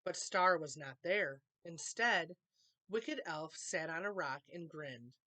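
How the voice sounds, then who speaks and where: Bright, expressive woman reading a storybook. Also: on the low side, slow pace. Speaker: storytime reader. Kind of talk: reading a children's picture book aloud.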